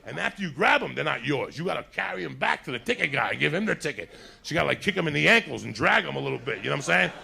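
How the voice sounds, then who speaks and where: A man doing stand-up, telling a rambling, profane story in casual talk and acting out other people's lines, a little high. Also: big pitch swings, rapid-fire, vocal fry, pushed and bright. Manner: acts out other people's lines in put-on voices. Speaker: stand-up comedian.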